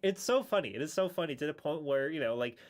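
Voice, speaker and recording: A man's voice: on the high side, animated, quick pace. A man chatting casually on a live stream, rambling with many restarts and chuckles.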